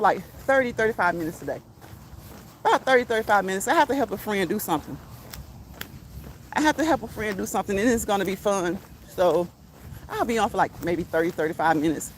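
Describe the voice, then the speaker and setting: Woman, raised pitch, chatty, laughing, faint background noise. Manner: chatty, laughs often, reads out comments. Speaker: live stream host. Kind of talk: casual live-stream chat.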